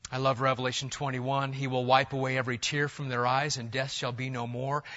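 A man's voice: medium pitch, flat delivery, a little fast, sharp tone. A man preaching a sermon as pastor, building his points in emphatic rising lists. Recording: dull lo-fi sound.

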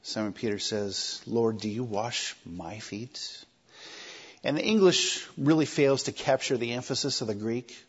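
A man preaching a sermon in a conversational, animated way, acting out quoted lines. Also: medium pitch, measured pace, husky, muffled recording.

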